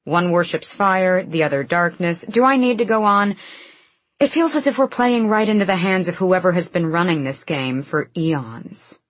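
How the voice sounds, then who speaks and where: A woman's voice: lowish voice, normal speed, no echo, natural voice. A woman doing an insistent warrior man. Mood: urgent.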